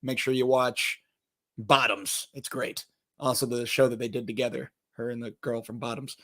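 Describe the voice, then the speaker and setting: Bright-voiced young man rambling about movies. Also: mid-range voice, steady tone, normal speed. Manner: rambling, joking, swears, trails off into mumbles. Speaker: podcast host. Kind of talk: casual entertainment news commentary.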